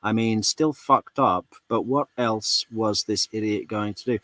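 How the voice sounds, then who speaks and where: A man's voice: lowish voice, steady tone, takes it slowly, fairly bright tone, no echo. A man commenting on a trial in a casual, sarcastic storytelling way, full of rhetorical questions. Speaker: true crime commentator.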